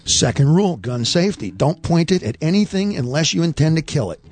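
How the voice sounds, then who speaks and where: A man performing a stand-up comedy rant, animated and opinionated, often mimicking other people's voices. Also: on the high side, brisk, faint music behind.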